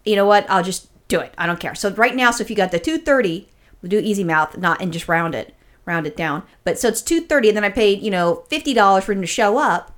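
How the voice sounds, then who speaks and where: A woman's voice: medium pitch, quick pace. A woman from California co-hosting a podcast, telling stories in casual, profane chat. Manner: profane, animated storytelling. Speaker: podcast co-host.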